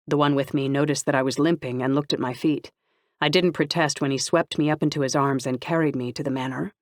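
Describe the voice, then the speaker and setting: An audiobook narrator reading a first-person novel in a steady, even storytelling manner. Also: medium pitch, no room sound, studio quality.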